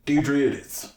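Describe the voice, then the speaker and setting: A man hosting a casual interview podcast, upbeat and laughing easily. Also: extremely high pitch. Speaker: podcast host. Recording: echoey room with music behind.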